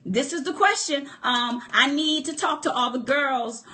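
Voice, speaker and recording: A woman's voice: high voice, a little slow, sharp tone. A woman giving a motivational livestream talk from her phone, speaking emphatically, repeating key points and calling out to her listeners. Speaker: relationship speaker.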